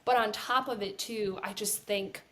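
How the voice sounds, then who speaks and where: A woman's voice: medium pitch, fairly even intonation, moderate pace, a bit bright. A woman co-hosting a casual podcast conversation, earnest and talking in restarts with lots of "like". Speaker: podcast co-host.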